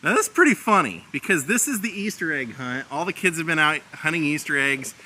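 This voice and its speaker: Chatty man with a very bright voice. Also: a little high, animated, a little fast. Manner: chatty, laughs often while retelling. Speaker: film location tour guide. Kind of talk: casual vlog narration. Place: outdoors at filming locations.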